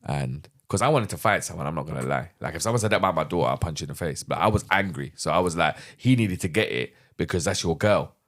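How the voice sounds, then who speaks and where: A man's voice: deep voice, fast, few pauses. A middle-aged man, a podcast guest, candidly retelling a personal story and acting out the dialogue. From London. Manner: animated, vivid retelling with acted-out dialogue.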